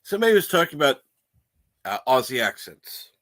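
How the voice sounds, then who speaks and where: A man's voice: mid-range voice, sing-song, brisk, a bit bright, no echo. A man hosting a casual livestream, reading the chat aloud and laughing often. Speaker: livestream host.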